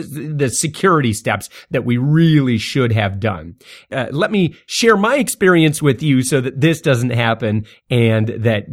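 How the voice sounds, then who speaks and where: A male podcast host tells a story in a relaxed, lively way, laughing a lot. His medium-pitched voice leaps upward whenever he gets excited.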